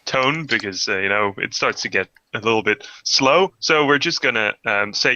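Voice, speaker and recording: Bright-voiced male game master. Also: mid-range voice, moderate pace, few pauses, no room sound, muffled recording. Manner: hesitant, many "uh"s and restarts. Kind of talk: narrating a tabletop game.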